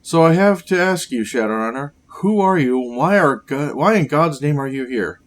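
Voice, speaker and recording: A man voicing a gaunt, sickly male scientist villain, reading game dialogue aloud in a grave, measured way. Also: on the high side, lively intonation, lightly acted.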